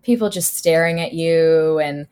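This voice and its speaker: A woman's voice: low-pitched, a little slow, darkish tone, smooth. A young adult woman chatting as a podcast guest, talkative, full of fillers and laughing often. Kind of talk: casual chat.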